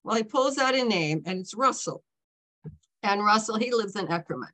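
A woman's voice: medium pitch, expressive, moderate pace, bright, forceful tone. A woman in her seventies, an author telling stories in a casual talk, rambling and breaking in on herself with frequent "okay?" and "you know" check-ins. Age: 70s.

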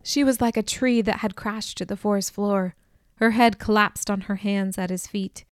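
A woman reading a novel aloud as first-person narrator, in a measured, even manner. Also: medium pitch, dry recording, studio quality. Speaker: audiobook narrator.

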